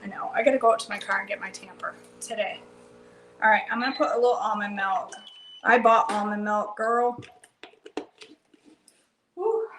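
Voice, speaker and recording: This woman's mid-range voice is a bit bright, recorded in an echoey room with a little hiss or hum on a low-quality setup. Cooking live in her own kitchen, she chats away to herself and her audience in folksy slang.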